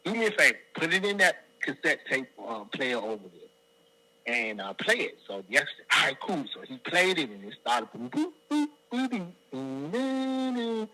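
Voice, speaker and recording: With a brisk, slightly rough, mid-range voice, a middle-aged guest singer from the Washington DC area animatedly relates stories in an interview, taking on other people's quoted lines. The audio is poor.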